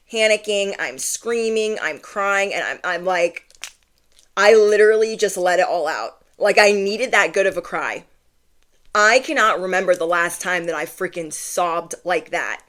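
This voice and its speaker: A woman's voice: mid-range voice, a bit bright. A woman in her thirties telling a personal story to her viewers in a chatty way, full of "like" fillers, acting out what people said. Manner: chatty, lots of "like" fillers, acts out quotes. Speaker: vlogger.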